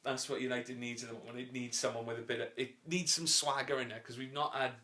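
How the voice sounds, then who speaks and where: A British man co-hosting a casual football podcast, playful and quick to laugh and try out voices. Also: medium pitch, flat delivery, bright, forceful tone. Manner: playful, tries out silly voices, laughs often. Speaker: podcast co-host.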